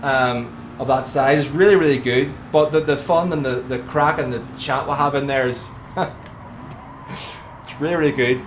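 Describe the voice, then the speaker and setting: A man's voice: medium pitch, steady tone, moderate pace, hardly any pauses, a little hiss or hum. A man commentating his own racing game live and chatting to viewers by name. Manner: chatty, addresses viewers by name, friendly banter. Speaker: livestreamer.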